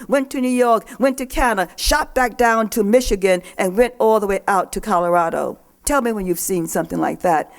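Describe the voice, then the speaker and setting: An older woman poet and professor speaks to a young audience at a festival. Her voice sits at a middling pitch for a woman, and her delivery is emphatic, driving points home by repeating them. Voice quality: emphatic, repeats key phrases. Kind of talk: speech to young people. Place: live poetry festival event.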